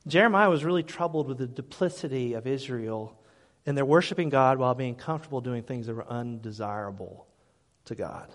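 A man preaching a sermon as pastor, his voice rising to loud, fervent peaks and then dropping to quiet asides, often repeating words as he restarts. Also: medium pitch. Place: church sanctuary. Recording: hall reverb.

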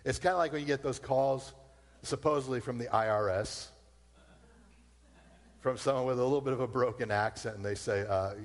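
Animated preacher in a reverberant hall. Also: male voice, medium pitch, normal speed, long pauses. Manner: animated, emphatic, storytelling. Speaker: pastor. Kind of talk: sermon.

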